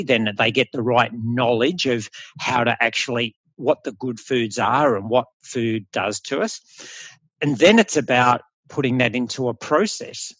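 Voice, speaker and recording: A man's voice: mid-range voice, a bit bright, dry recording. A middle-aged Australian man, a health coach, talking bluntly and animatedly in a casual podcast conversation, swearing freely.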